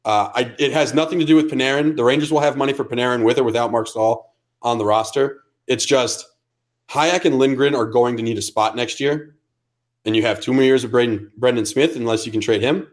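A man co-hosting a sports podcast, arguing his points in a lively, emphatic, opinionated way. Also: medium pitch, a little fast. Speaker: podcast co-host. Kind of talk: casual sports podcast chat.

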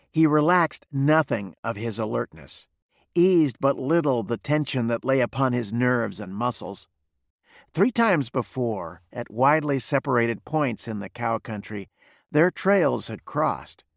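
A man narrating a western novel with a gravelly, lively-pitched voice. His delivery is steady and measured. The recording is close and dry. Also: no room sound. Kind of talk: reading a western novel aloud.

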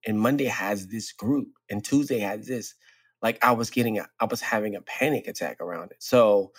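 A man's voice: on the low side, moderate pace, husky, dry recording. A man co-hosting a podcast in casual conversation, telling a personal story with frequent laughs and his voice jumping up when he quotes himself. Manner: animated storyteller, laughs often, voice jumps up when quoting. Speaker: podcast co-host.

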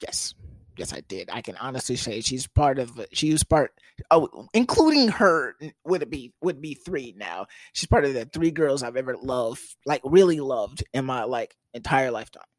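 Animated young man telling a story. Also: mid-range voice, normal speed, dry recording. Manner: animated, swearing, laughs often, trails off and restarts. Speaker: podcast co-host. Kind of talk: casual storytelling chat.

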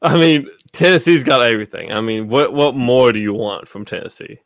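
A man's voice: medium pitch, fairly quick, creaky, dry recording, studio quality. A man hosting a casual podcast chat, rambling with lots of fillers and swearing. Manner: rambling, profane, full of fillers. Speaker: podcast host.

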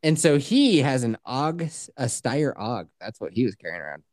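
Man, podcast co-host, animated storytelling, lively pitch, dry close mic. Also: normal speed, no room sound. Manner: animated storytelling, acts out characters, swears freely. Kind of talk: casual movie recap chat.

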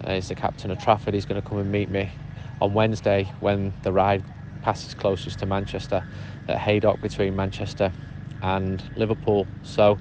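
A man's voice: on the low side, completely flat delivery, moderate pace, few pauses, background noise. A man giving a casual spoken update to a podcast, telling his story in a chatty, easygoing way. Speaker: podcast contributor sending a voice update.

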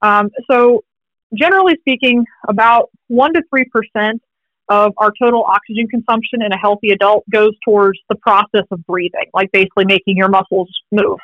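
A woman, a critical care pharmacist, explains clinical topics in an interview, brisk and peppered with wry jokes. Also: medium pitch, fairly even intonation, dry recording, muffled recording. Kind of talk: teaching interview talk.

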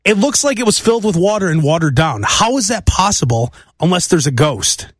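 Animated rambling man with lively pitch. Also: brisk, breathy edge, no echo, studio quality. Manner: rambling, animated storytelling with mimicked voices. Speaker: podcast host. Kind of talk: solo comedic monologue.

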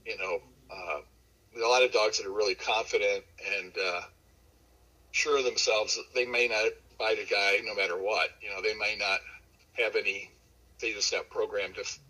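Husky, bright-voiced man telling dog stories. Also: lowish voice, moderate pace, low-quality recording. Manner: rambling, relaxed, many fillers and restarts. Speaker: dog breeder, interview guest. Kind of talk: casual storytelling in an interview.

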